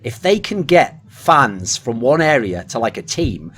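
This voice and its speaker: A man's voice: medium pitch, sing-song, a little slow, fairly bright tone, husky. A man hosting a podcast panel, riffing sarcastically in casual discussion over an online call mic. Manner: sarcastic, joking riffs. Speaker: podcast host.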